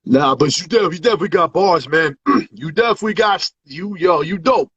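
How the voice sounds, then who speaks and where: A man's voice: a little high, animated, brisk, a bit bright, slightly rough, no echo, lo-fi sound. A man hosting a casual hip hop interview, laid-back and full of slang and fillers. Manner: laid-back slang, many fillers and "you know what I mean". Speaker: interviewer host.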